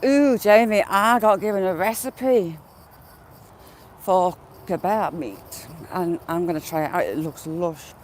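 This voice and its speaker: With a fairly low, animated voice at a measured pace, a woman chats casually with her live-stream viewers by name and coos at animals as she walks fields and hedgerows. Her phone sits on a gimbal with a headphone wire, and there's a little hiss or hum.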